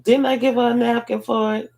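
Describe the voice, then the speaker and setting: A woman's voice: fairly high pitch, flat delivery, fairly quick, gravelly, darkish tone. A woman talking casually to her viewers at home, rambling and conversational, addressing them directly as she talks. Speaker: online talk host. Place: at home, having her hair done.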